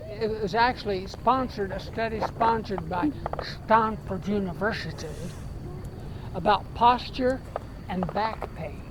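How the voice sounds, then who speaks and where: Older man telling deadpan outdoor jokes. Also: sits high. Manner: deadpan one-liners. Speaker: stand-up comedian. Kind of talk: outdoor stand-up comedy. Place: outdoors by the water at sunset. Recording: windy outdoor camcorder audio. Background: wind noise and a small audience laughing.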